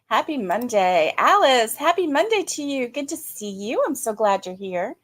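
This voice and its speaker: A middle-aged woman hosting a casual live stream, greeting viewers by name, chatty and quick to laugh, her throat a little strained. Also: on the high side, very animated, fairly bright tone. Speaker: livestream host.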